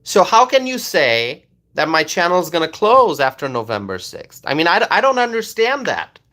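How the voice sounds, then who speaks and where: A man's voice: a little high, very animated, normal speed, pushed and bright. A man doing live-stream political commentary into his phone, repeating his points emphatically and asking rhetorical questions.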